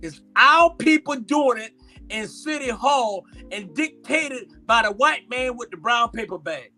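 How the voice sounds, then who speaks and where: A fiery man rails against local politics in a drawn-out, preacherly cadence. His voice sits high and bright, with faint music playing underneath. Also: lively intonation. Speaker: panelist. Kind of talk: impassioned political talk.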